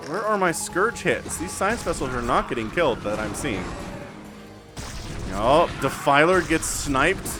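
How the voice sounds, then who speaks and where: Excitable man casting a game. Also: on the high side, unhurried. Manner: excitable, talks to viewers and players directly. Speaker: game commentator. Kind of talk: solo esports play-by-play commentary. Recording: music bed playing under the voice.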